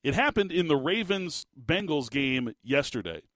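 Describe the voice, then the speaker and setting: A man hosting a casual sports talk show, rambling and animated with lots of restarts. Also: fairly high pitch, normal speed, dry recording. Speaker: sports podcast host.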